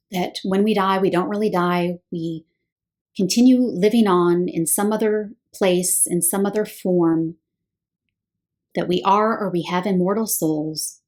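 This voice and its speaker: A woman's voice: medium pitch, a little mellow. A woman giving a scripted Bible teaching talk, explaining step by step and posing rhetorical questions.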